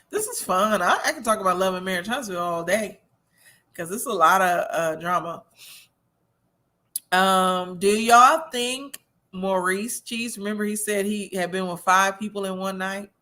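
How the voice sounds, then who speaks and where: A woman's voice: mid-range voice, a little slow, pushed and bright. A woman hosting a casual livestream, chatting and gossiping as she reads viewer comments, a little tipsy and laughing often. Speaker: host of a reality-TV review livestream.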